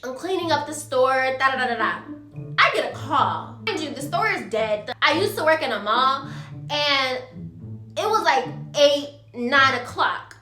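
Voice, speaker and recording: A woman's voice: sits high, expressive, measured pace, bright, forceful tone, roomy sound, faint music behind. A young woman in a storytime vlog, talking animatedly and calling her viewers y'all. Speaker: vlogger.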